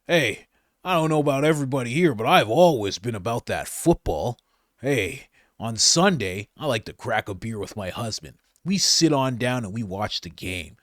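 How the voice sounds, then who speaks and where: Figure: fake folksy woman politician, loud football-fan bluster , as a man puts her on. Delivery: hearty, chummy, a bit louder than his usual talk. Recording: dry, close. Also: mid-range voice, lively intonation, moderate pace, dry recording, lightly acted. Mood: boisterous.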